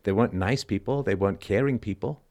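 A man's voice: lowish voice, fast talker, a little mellow. Blunt, emphatic middle-aged man hosting a call-in show. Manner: emphatic and blunt, swears, keeps asking "right?". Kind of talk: conversational call-in monologue.

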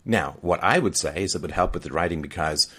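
A man's voice: deep voice, brisk, fairly bright tone, breathy edge. A man hosting a spoken film review, talking emphatically and repeating key phrases for effect.

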